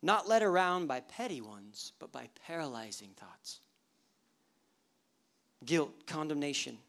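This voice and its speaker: A male pastor in his thirties delivers a lively sermon. He moves between plain teaching and playful storytelling, acting out the stray thoughts of people in the pews. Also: on the high side, a little slow, creaky. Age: 30s. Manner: animated storytelling, acting out worshippers' inner thoughts with humor.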